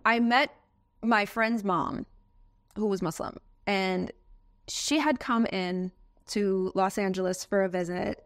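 American woman, interviewee, earnest and heartfelt, lively storyteller, mid pitch. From United States. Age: adult, has a daughter. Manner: earnest, emotional, animated storytelling. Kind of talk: personal testimony interview.

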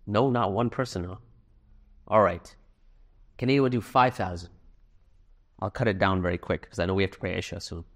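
A man's voice: deep voice, moderate pace, pauses often. A middle-aged man giving a fundraising sermon to a live audience in a hall, earnest and conversational with self-deprecating humor. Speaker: speaker at a fundraising talk.

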